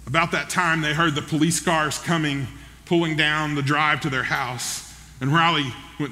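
A man's voice: on the high side, fairly even intonation, moderate pace, bright, forceful tone. A man preaching a sermon, telling a story in a folksy, conversational way and checking in with listeners, heard in a large hall. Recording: long reverb in a large hall.

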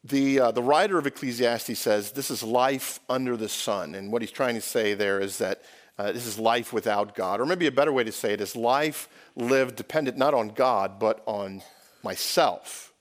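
Male pastor from the United States, mid-pitched voice, relaxed conversational preaching style with rhetorical questions to the congregation. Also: moderate pace. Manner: conversational, self-correcting, asks the congregation questions. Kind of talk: sermon. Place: church sanctuary.

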